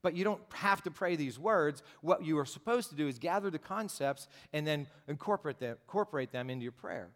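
A man's voice: on the high side, animated, brisk, few pauses. A pastor preaching a sermon in a direct, conversational way, driving his points home with emphatic repetition. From United States.

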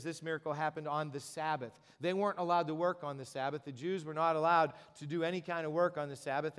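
A man with a high voice preaches a sermon to his congregation. He talks in a conversational way and acts out the voices of people in his story. His words ring with the long reverb of a church hall. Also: clear, resonant tone. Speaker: pastor. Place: church sanctuary.

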